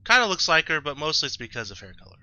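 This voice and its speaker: A man's voice: a little high, big pitch swings, rapid-fire, bright, forceful tone, clear, resonant tone. A man hosting a let's-play, rambling through casual gameplay commentary at home and often correcting himself. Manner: rambling, self-correcting, chatty. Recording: slightly dull lo-fi mic.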